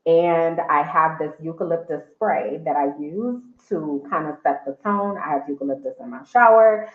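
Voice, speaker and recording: A woman with a low voice tells a personal story in a candid, emotional way and drops into casual slang. The sound is thin and phone-like. It echoes as if she is in a bare room. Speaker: vlogger sharing a life update.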